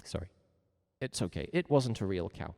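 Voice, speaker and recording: A man's voice: low voice, expressive, normal speed, vocal fry, darkish tone, long reverb tail, slight background noise. A man teaching a music lesson during a livestreamed game, theatrical, jokey and mock-stern.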